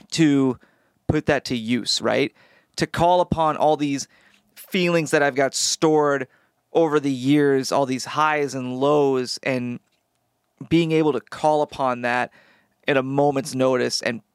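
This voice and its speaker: A man co-hosting a podcast, talking in an animated way, blurting out pop culture references and swearing casually. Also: mid-range voice, clean tone, no room sound, clean studio sound. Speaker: podcast co-host and actor. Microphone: studio podcast microphone.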